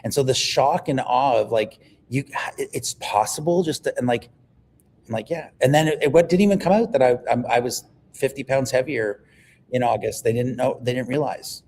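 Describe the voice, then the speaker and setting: A man, a livestream guest telling stories in an animated, emphatic way. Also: medium pitch, moderate pace, a little hiss or hum. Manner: animated storyteller, emphatic, repeats words when excited. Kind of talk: casual livestream conversation.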